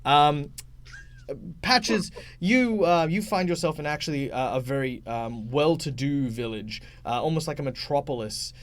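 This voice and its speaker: A man's voice: a little high, lively intonation, a little slow, slight background noise. A man with an Australian accent narrating as game master of a tabletop game, hesitant and full of fillers. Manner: hesitant, many fillers and restarts.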